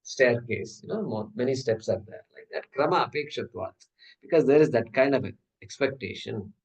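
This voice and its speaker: A man's voice: medium pitch, lively intonation, normal speed, vocal fry, a little mellow, far from the mic, poor audio. A man teaching a scripture class, explaining step by step with rhetorical questions and chanting Sanskrit terms. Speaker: Vedanta teacher. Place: class hall.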